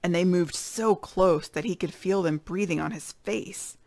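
A woman's voice: fairly low pitch, unhurried, dry recording. Woman reading a storybook aloud. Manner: expressive storytelling. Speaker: read-aloud narrator. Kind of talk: reading a children's chapter book aloud.

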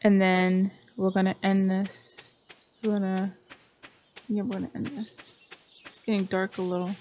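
A woman's voice: mid-range voice, level tone, moderate pace, a little mellow, a little hiss or hum. A young woman giving casual, chatty commentary while playing a game, often scolding the characters on screen. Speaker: gameplay streamer.

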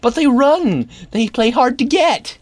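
Excitable gamer guy with a wildly swinging pitch. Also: unhurried, dry recording. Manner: excitable, talks to the game's keys and locks; silly, playful banter with sudden yelps. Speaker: let's play gamer. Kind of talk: playing a horror maze game. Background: game music.

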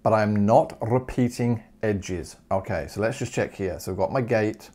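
A man teaching maths in a humorous video lesson, jokey and animated, firing off rhetorical questions. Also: on the low side, normal speed.

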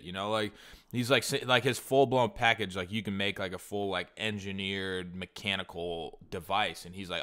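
A male podcast co-host chatting casually and swearing his way through a rant. His voice sits a little low but rings bright and forceful. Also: fairly even intonation, normal speed. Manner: profane, ranting storyteller. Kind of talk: casual comedy podcast chat.

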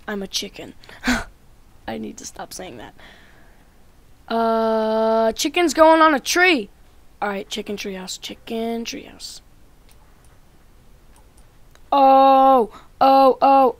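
A woman giving playful Minecraft gameplay commentary, trash-talking loudly one moment and muttering quietly the next. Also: on the high side, no echo. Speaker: gaming YouTuber.

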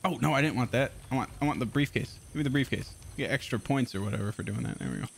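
A young man casually commenting on his gameplay as a streamer, excitable and swearing often. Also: mid-range voice, rapid-fire, creaky, slight background noise.

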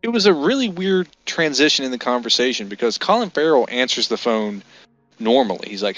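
A man's voice: mid-range voice, animated, a little fast, fairly bright tone, dry recording, muffled recording, faint music behind. A man co-hosting a casual beer-and-movie podcast, retelling scenes and acting out the lines. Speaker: podcast co-host.

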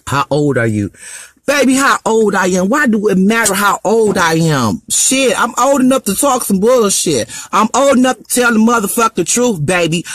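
Man playing a mouthy grandma, blunt and profane, lower than his own voice, breathy, dry phone sound. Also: fairly bright tone, no echo. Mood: boastful. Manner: brash, profane, scolding the viewers. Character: sassy foul-mouthed grandmother, gray-haired, blunt. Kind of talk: live-stream comedy character.

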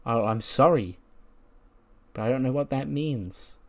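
A man's voice: mid-range voice, a little slow, close to an everyday voice. A man voicing a kind young woman bartender who patiently consoles a gloomy customer. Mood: consoling.

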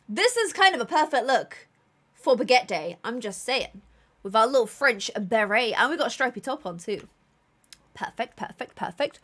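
A woman's voice: on the high side, very animated, normal speed, sharp tone. A woman streaming a game live, chatting bubbly with dramatic exclamations and thanking viewers. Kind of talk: live gameplay stream chat.

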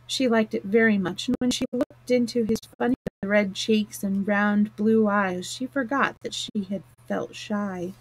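A woman reading a classic novel aloud on a live stream, plain and steady with small slips and restarts. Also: mid-range voice, dry recording, poor audio. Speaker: storyteller. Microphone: close mic, live stream.

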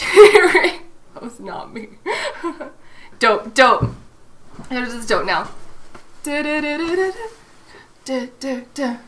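A woman's voice: medium pitch, fairly bright tone, a little hiss or hum. A young woman streaming from home, chatting casually and playfully as she answers her chat. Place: home room.

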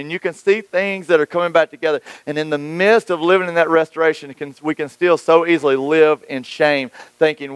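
A man preaching a sermon as pastor, moving between hushed, low passages and raised, excited ones, and acting out the voices of the people he quotes. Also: normal speed, clean tone, no echo, poor audio. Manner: dynamic preaching with wide swings between hushed and raised delivery; acts out quoted voices of church folk and critics.

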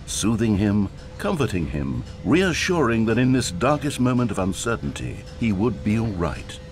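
An actor playing a wry, omniscient male game narrator, speaking in measured, mock-grave tones. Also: on the low side, very animated, soft background music.

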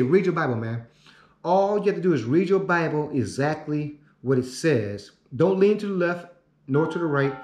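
A man delivering a profane, repetitive ranting monologue, swinging from shouting to muttering. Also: a little high. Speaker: online commentator. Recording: roomy echo.

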